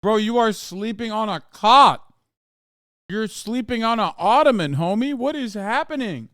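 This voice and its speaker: A man's voice: high-pitched, measured pace, no room sound, studio quality. A man hosting a stream, riffing and cursing casually as he reacts to a video. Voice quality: animated, profane, riffing.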